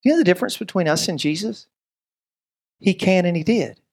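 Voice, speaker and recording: A man's voice: high voice, a little fast, vocal fry, slightly rough. Guy preaching, chatty sermon, does little voices, lots of restarts. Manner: lively, acts out voices and quotes; conversational with stammered restarts. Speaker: pastor.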